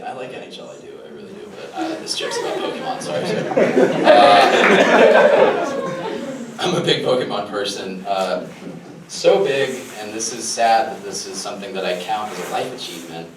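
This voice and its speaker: A young man with a low voice works a small room in a stand-up set, mocking himself and laughing at his own jokes. His pitch leaps around with lively energy. The recording is roomy and distant, with clear room noise underneath. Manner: self-deprecating, chuckles at his own jokes. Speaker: stand-up comedian. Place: small comedy venue with a live crowd.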